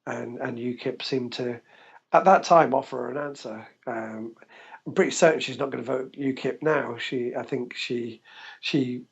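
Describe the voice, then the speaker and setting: A man's voice: medium pitch, moderate pace, vocal fry, husky. A man from England, a podcast guest, telling stories animatedly and laughing often. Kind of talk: casual interview storytelling. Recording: dull lo-fi podcast recording.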